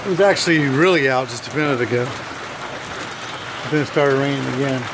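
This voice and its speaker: A man chatting casually in a video diary outdoors on his farm, with a relaxed manner. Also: mid-range voice, a little fast. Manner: relaxed, chatty, repeats "anyhow". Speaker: vlogger. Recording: outdoor camera audio with rain noise. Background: rain.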